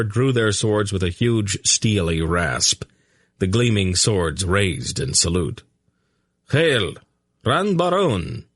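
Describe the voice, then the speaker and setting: A man narrating an audiobook in a slow, expressive reading. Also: sits low, dry recording, clean studio sound. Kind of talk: scripted narration.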